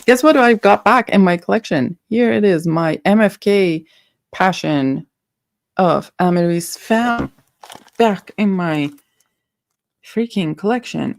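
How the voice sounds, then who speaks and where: Low, gravelly woman chatting playfully. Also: darkish tone. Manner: playful and silly, chatting with viewers. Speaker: livestream host reviewing perfumes. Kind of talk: casual livestream chat.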